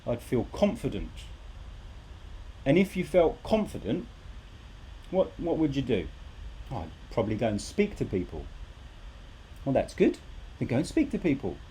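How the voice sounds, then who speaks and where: A man's voice: mid-range voice, sing-song, normal speed, pauses often, dark tone, slight background noise. A man teaching a live English lesson, talking animatedly and repeating rhetorical questions to his students.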